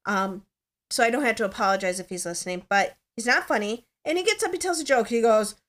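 A woman's voice: a little high, expressive, quick pace, fairly bright tone. A woman hosting a podcast in casual chat, talking in a chatty, rambling way with many "like" fillers. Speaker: podcast host.

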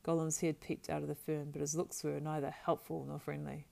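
A woman narrating a storybook aloud in a steady, measured reading with small slips. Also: low voice, vocal fry. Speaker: audiobook narrator.

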